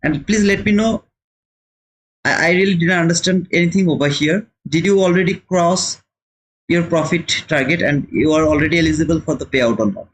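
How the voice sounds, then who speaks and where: Guy reading chat on a trading stream, kinda high-pitched, repeats himself a lot, english isn't his first language. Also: moderate pace, low-quality recording. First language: not English. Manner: chatty, repeats words, answers viewers by name. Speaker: trading livestream host. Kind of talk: casual live-stream chat reading comments.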